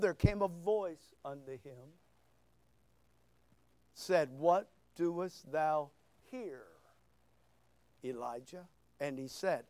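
Older male pastor, high clear voice, emphatic repeats, wide loud-to-soft swings. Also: no echo. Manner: swings from loud shouting to near-whispers. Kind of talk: sermon.

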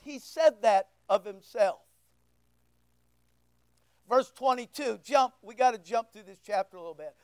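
A preacher giving an impassioned, emphatic sermon that swings between loud outbursts and hushed asides. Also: mid-range voice, clear, resonant tone, no room sound.

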